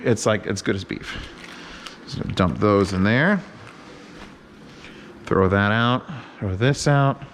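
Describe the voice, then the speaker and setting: A man talks his way through a home cooking session in a loose, joking manner. He swears freely and rambles from one thought to the next. His pitch sits at an ordinary middle level for a man, with a faint background hum behind him. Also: measured pace, long pauses. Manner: joking, profane, rambling commentary. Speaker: home cook host. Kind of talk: casual cooking vlog. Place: home kitchen.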